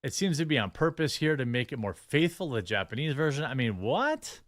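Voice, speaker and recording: A man's voice: mid-range voice, very animated, brisk, a bit bright, no room sound. Dismissive male commentator, dry sound. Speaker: online commentator. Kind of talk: video commentary.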